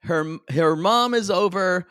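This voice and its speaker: A man's voice: sits high, a little slow, pushed and bright, clear, resonant tone, no echo, studio quality. A man co-hosting a podcast, recapping reality TV in casual, gossipy chat and laughing often. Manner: gossipy, laughs often, mimics cast members in quotes. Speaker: podcast co-host.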